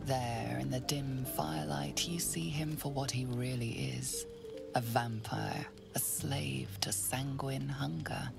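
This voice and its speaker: A woman playing an ominous female game narrator in a gravelly, low voice, in scripted narration. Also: steady tone, slow pace, full character voice. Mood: hushed. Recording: game audio over loud music.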